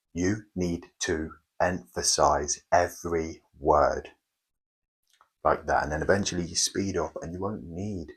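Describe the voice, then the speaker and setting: A man hosting a motivational self-help video, speaking slowly and emphatically with dramatic pauses and tongue-in-cheek grandeur. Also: extremely low pitch, husky, rough recording. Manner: slow, deliberate, emphatic delivery with dramatic pauses. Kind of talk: motivational monologue.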